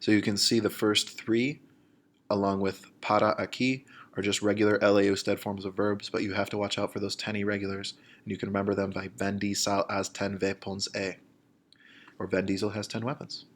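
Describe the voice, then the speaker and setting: A Spanish teacher with a fairly low voice and little pitch movement leads students through a recorded lesson. He goes point by point in a plain, patient manner, slowing down to model the phrases.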